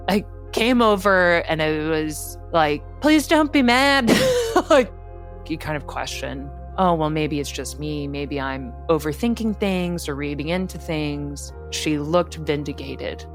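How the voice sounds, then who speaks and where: A woman, a friend of the storyteller, recalling events in a soft, measured, subdued way. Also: sits low, faint music behind. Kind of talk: quiet conversational recollection.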